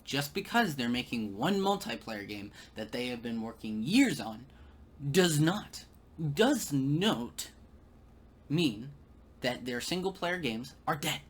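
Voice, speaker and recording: A man's voice: medium pitch, expressive, normal speed. A man giving sarcastic video commentary, stammering and repeating words.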